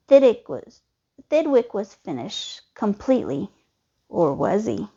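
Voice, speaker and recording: A woman reading a children's storybook aloud in a lively, expressive way. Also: medium pitch, measured pace, slightly rough. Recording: dull lo-fi recording.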